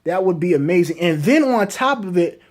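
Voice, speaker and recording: A man giving casual fan commentary, talking excitedly and asking rhetorical questions over and over. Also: sits high, moderate pace. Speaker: anime reviewer.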